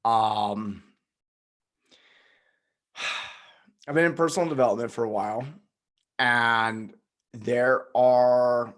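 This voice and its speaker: A man's voice: medium pitch, steady tone, drawn-out words, pauses often, a bit bright. A man hosting a podcast interview, reflecting on a topic in a conversational way, with frequent fillers. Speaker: podcast host.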